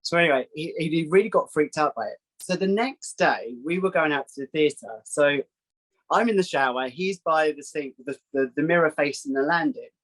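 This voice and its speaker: A man, a psychic guest telling a story in casual chat, acting out quoted voices in a higher pitch. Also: moderate pace, a bit bright, low-quality recording. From England.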